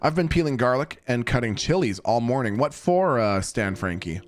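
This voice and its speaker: Game music plays as a young man streams and chats with viewers in a laid-back way, often swearing and laughing. He has a medium-pitched, expressive voice and talks at a normal speed.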